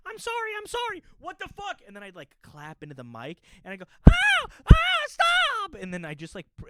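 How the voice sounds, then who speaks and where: A man's voice: a little high, no room sound. A young man telling stories in a casual, joking chat to camera as a puppeteer and YouTuber. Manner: animated, joking, storytelling.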